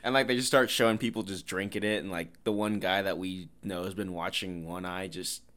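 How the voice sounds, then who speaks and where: A man co-hosting a casual movie review podcast with his father, reacting in a laid-back way and adding quick quips. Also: low voice, fairly even intonation, fairly bright tone. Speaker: podcast co-host, the son.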